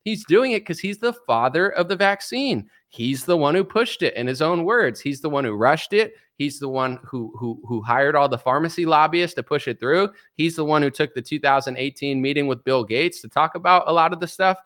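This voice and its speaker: Man in his thirties, combative sarcastic rant, bright edgy tone, somewhat high voice. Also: lively intonation, normal speed, few pauses. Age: 30s. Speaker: political commentary host. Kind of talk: ranting political commentary.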